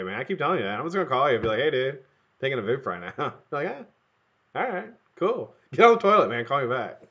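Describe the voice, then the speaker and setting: Excitable cursing live-stream host. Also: male voice, a little high. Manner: profane, excitable, laughing often, shouting names to greet viewers. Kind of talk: casual live-stream chat. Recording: dull lo-fi webcam audio.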